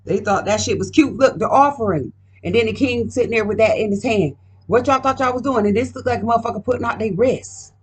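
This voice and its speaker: A woman's voice: fairly high pitch, quick pace, breathy edge. A woman doing a casual card reading at home, talking in a profane, emphatic, rambling way. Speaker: card reader.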